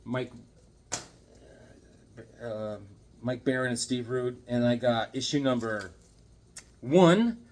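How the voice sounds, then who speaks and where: A man's voice: medium pitch, slow pace, long pauses, darkish tone. A man chatting casually in a comic haul vlog, laid-back and full of slang. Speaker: comic book collector.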